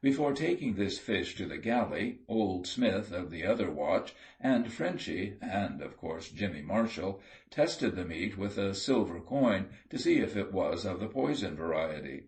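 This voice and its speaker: Man, audiobook narrator, low voice, measured steady storytelling. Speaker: audiobook reader. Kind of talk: scripted narration.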